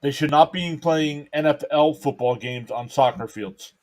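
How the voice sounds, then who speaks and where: A man calling a baseball game live on a stream, chatting with viewers and reading their comments between pitches. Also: a little slow. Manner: relaxed, chatty, reads viewer comments aloud. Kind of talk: casual play-by-play and chat.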